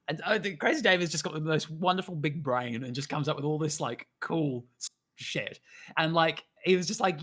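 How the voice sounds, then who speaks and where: Man, casual stream chat, giggly and rambling, swears a lot, mid pitch. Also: a bit bright. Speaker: guest animator.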